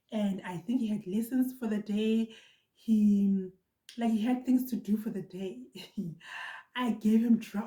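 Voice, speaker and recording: A young South African woman vlogger telling a story in a casual, animated way, repeating herself for emphasis. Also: medium pitch, echoey room.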